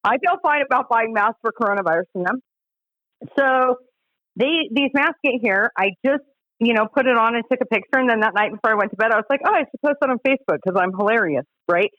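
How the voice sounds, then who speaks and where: A woman in her forties with a Utah accent, a podcast guest telling stories in an animated, laughing way. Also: a little high, fast talker, no echo. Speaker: podcast guest, harm reduction director. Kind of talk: casual storytelling chat. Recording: slightly dull dry podcast audio.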